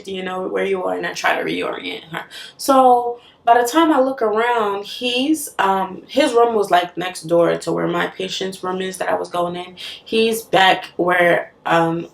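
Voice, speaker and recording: A young woman from West Africa who works as a nurse, telling a story casually, animated, with frequent laughs and fillers. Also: medium pitch, creaky, reverberant, far from the mic. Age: young adult.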